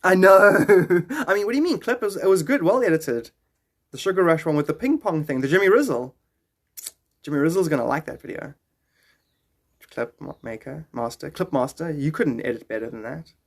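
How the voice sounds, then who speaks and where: A man's voice: on the high side, animated, normal speed, creaky. Guy rambling on a phone livestream, jokey, voice swoops up and down a lot. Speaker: live streamer. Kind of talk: casual live-stream chat.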